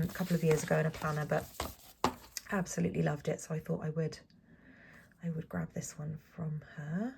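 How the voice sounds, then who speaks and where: A young Englishwoman chatting through a planner sticker haul, gushing and saying um a lot, often dropping to a soft whisper. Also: lowish voice, creaky, slight background noise. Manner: chatty, gushing, frequent ums and apologies. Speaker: planner vlogger. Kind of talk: casual sticker haul voice-over.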